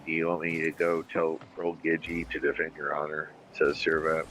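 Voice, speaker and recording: A man's voice: extremely low pitch, flat delivery, moderate pace, a bit bright, a little hiss or hum, low-quality recording. A man hosting a casual livestream, rambling and swearing freely as he reads viewer comments aloud. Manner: rambling, profane, emphatic. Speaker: livestream podcast host.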